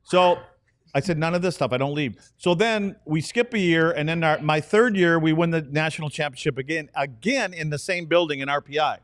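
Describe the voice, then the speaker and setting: Older man, co-host, rambling self-deprecating stories, slightly high voice, dry close sound. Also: brisk, fairly bright tone, no room sound. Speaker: podcast co-host, former player. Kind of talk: casual storytelling.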